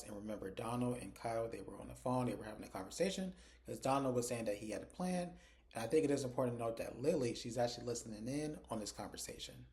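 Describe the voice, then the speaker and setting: A man reviewing a TV episode in casual speech. His voice is mellow and relaxed, and he sits at an ordinary middle pitch. He retells scenes in a chatty way, slipping into the characters' lines as he goes. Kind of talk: casual spoken episode recap.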